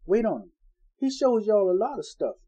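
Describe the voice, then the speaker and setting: A man's voice: high-pitched, big pitch swings, moderate pace, mellow, husky, highs cut off. A man preaching an informal Bible-study sermon in a folksy, conversational way, acting out the people he quotes.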